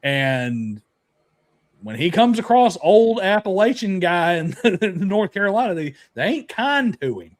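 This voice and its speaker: A man's voice: high-pitched, very animated, unhurried. Chatty man hosting a podcast. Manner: laughs easily, opinionated, chatty. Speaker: podcast host. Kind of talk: casual podcast chat.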